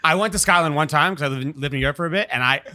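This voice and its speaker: A man's voice: on the high side, sharp tone. A young man hosting a podcast, asking questions in an upbeat casual chat. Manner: quick, upbeat questioner who laughs often. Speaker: podcast host.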